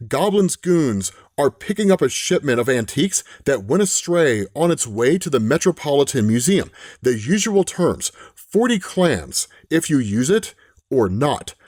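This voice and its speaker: A man's voice: medium pitch, sing-song, unhurried, a little mellow, no room sound, studio quality. A man reading a clipped, businesslike 1930s male informant. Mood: brisk.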